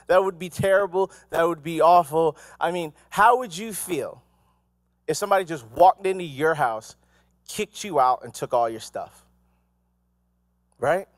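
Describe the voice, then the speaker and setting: Guy preaching a sermon, high voice that swoops all over, dry close sound. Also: no room sound. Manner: animated, conversational preaching with asides and acted quotes. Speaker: pastor. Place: church.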